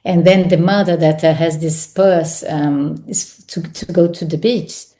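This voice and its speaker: A woman's voice: low-pitched, steady tone, measured pace, warm tone. A woman with an Italian accent, a guest on an interview podcast, speaking reflectively with hesitant, restarted phrases. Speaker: actress and guest.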